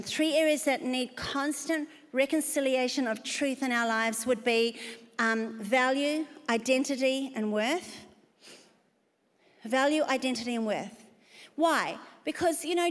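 An older woman preaches with emphatic conviction, calling out to her congregation. Her voice sits high. It rings with the long reverb of a large hall. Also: moderate pace. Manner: emphatic preaching with call-outs to the audience. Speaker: pastor. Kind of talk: sermon.

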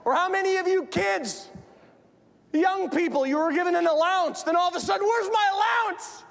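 Male pastor, animated shouting preacher, gravelly, long church reverb. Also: extremely high pitch, a little fast. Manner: animated, often shouting storyteller. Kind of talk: sermon. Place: church sanctuary. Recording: echoey church hall.

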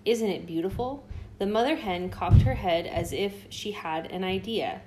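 A woman hosting a children's read-aloud, telling the story gently and expressively. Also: on the low side, unhurried, noisy background. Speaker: host reading to children.

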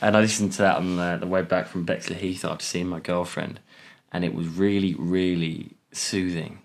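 Young male podcast co-host, lowish voice, casual, acts out other people in stories. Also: moderate pace, gravelly. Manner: animated storytelling, acts out other voices, laughs often. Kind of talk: casual chat.

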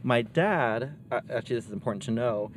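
A young man casually telling a wild story from his high school days, acting out the voices of the people in it. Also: brisk, slight background noise. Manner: animated, acts out quoted voices. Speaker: storyteller guest.

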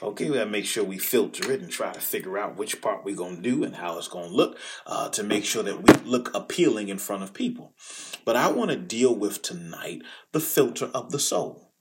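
Male preacher, unhurried delivery, pitch swinging widely, whispers between the big lines. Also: sing-song, rough recording. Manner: slow, dramatic preaching with drawn-out words and sudden soft asides; swings between loud emphasis and near-whispers. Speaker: bishop preaching. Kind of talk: sermon.

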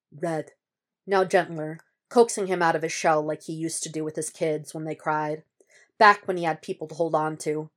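A woman reading a piece of fan fiction aloud as an audiobook, at a steady, measured pace. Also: deep voice. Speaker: podfic reader.

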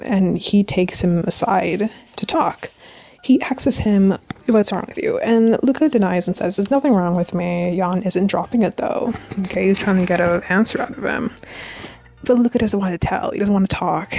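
A young woman hosts a review podcast and recaps an episode in a loose, chatty way. She talks with lots of feeling, trips over her words and corrects herself as she goes. Her voice sits at an ordinary middle pitch for a woman. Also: moderate pace, warm tone, no room sound. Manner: chatty, emotional, restarts and self-corrections. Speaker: podcast host reviewing a TV series.

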